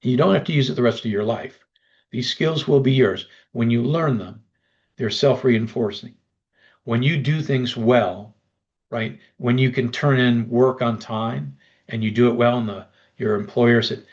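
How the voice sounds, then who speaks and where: A man presenting a webinar pitch, persuasive and speaking straight to the listeners. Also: measured pace, lo-fi sound. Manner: persuasive, addresses listeners directly.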